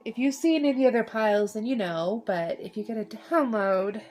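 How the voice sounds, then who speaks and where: A woman's voice: fairly high pitch, normal speed, a little mellow, faint music behind. A woman in her thirties doing a casual tarot reading, chatty and rambling, often laughing. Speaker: tarot reader.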